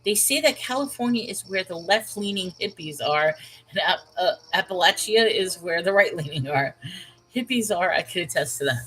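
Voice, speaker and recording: A woman's voice: on the low side, lively intonation, normal speed, fairly bright tone, slight background noise, rough recording. A woman hosting her channel in casual chat, rambling and breaking off mid-sentence with frequent laughs. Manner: rambling, self-interrupting, often laughing. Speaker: channel host.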